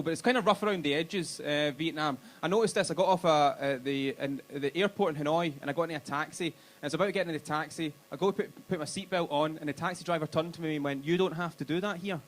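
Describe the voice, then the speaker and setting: A man's voice: on the high side, fairly bright tone. A young Glaswegian man doing stand-up in a comedy club, crude and self-mocking, working the crowd. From Scotland.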